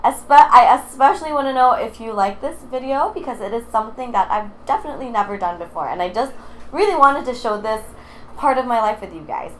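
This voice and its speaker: A woman's voice: fairly high pitch, animated, a little fast. A young woman talking casually to camera in her apartment, chatty and bubbly, sometimes short of breath from holding a heavy dog. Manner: chatty and bubbly, baby talk to her dogs. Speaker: vlogger. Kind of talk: casual vlog talk to camera. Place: apartment room, indoors. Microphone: handheld mic, then set down away from her. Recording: echoey room with faint noise.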